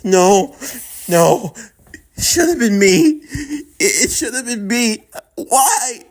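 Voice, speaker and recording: A man's voice: very high-pitched, very animated, slow pace, pitched above the performer's own voice, exaggerated voice. A man voicing a grieving young woman in a fan-made audio drama, sobbing and repeating herself. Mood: anguished.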